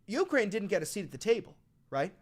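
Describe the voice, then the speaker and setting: A man in a fired-up commentary rant. His voice sits on the higher side and swings wildly in pitch. He swears constantly and turns sarcastic, then jumps to near-shouting disbelief. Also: very animated, brisk. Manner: profane, sarcastic, rising to shouted outbursts. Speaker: political commentary host. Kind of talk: ranting commentary reading a statement aloud. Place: New York.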